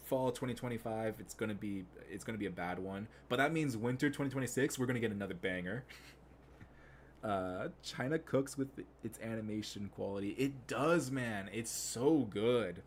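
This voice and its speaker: A young man streaming live, chatting casually and rambling with lots of fillers, getting excited as he goes. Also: lowish voice, slight background noise.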